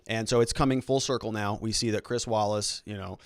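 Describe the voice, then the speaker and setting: A man's voice: fairly low pitch, fairly even intonation, a little fast, clean tone, dry recording, clean studio sound. A man hosting a legal and political commentary show, talking casually with a sarcastic edge. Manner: sarcastic, mocking quoted reactions in put-on voices.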